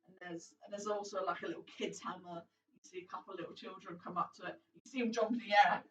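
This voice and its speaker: A woman narrating a tabletop game as dungeon master in a casual, lively way. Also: fairly low pitch, quick pace. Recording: distant muffled room recording.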